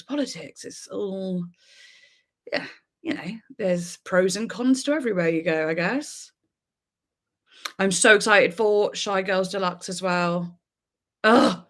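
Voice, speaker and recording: A young woman from Devon with an English accent, hosting a casual livestream chat in a bubbly, rambling way, full of "like"s and giggles. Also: medium pitch. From Devon, England. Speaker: livestream host.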